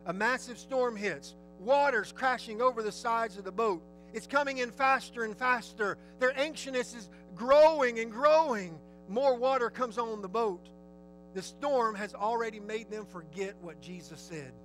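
A man's voice: extremely high pitch, moderate pace, faint music behind, rough recording. A man preaching a sermon, telling the story vividly and asking his listeners questions. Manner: lively, storytelling, asks the audience questions.

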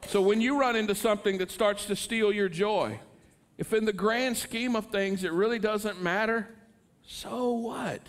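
High-voiced preaching man. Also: moderate pace. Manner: earnest preaching, rising to impassioned pleas. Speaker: pastor. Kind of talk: sermon.

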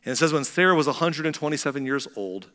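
A man delivering a sermon with a bright, forceful tone, telling the story with dramatic shifts from raised intensity to near-whispered hush. His voice carries a long reverb, as if spoken in a large hall. He lingers on the emotional beats. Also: a little high, animated, quick pace. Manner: storytelling with dramatic swings between loud and hushed. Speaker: preacher.

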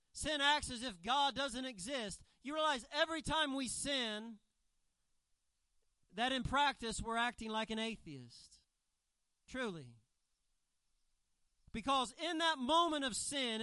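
High, bright-voiced man preaching a sermon. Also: no room sound, rough recording. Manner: emphatic, repeating key phrases. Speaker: missionary preacher. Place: church.

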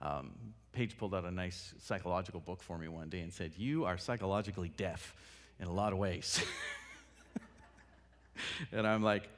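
A man's voice: low voice, normal speed, pauses often. A man giving a casual talk on listening skills, acting out short exchanges and laughing at himself. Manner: animated, acts out little dialogues with laughs. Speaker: workshop speaker. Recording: long hall reverb.

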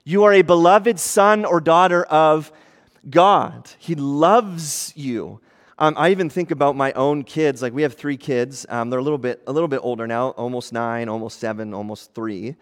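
A man's voice: medium pitch, normal speed. Man preaching in a reverberant hall. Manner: conversational preaching, shifting from hushed to animated. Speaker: pastor. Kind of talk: sermon.

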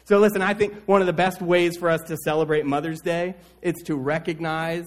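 A man with a fairly high voice preaches from the pulpit of a church. He tells his stories with sweeping rises and drops in pitch and loudness, now loud, now almost hushed. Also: steady tone, fairly quick, hardly any pauses, soft background music. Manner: storytelling with wide swings in pitch and loudness. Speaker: pastor. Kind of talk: sermon.

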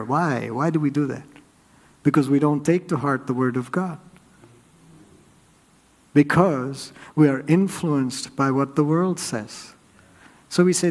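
A man's voice: on the high side, unhurried, pauses often, a little mellow. A man preaching a sermon as pastor of his church, talking through rhetorical questions and acting out quoted spouses in a raised voice. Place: church sanctuary.

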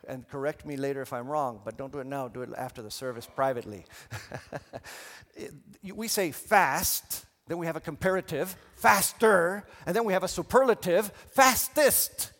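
A man preaching a sermon in a church, animated and leading the congregation in call and response. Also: medium pitch, brisk, in a large hall. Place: church sanctuary.

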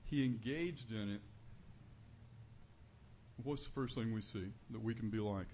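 A man giving an earnest, conversational sermon as a preacher in a church, building to louder emphasis on key points. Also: medium pitch, normal speed. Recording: dull lo-fi recording with faint room noise.

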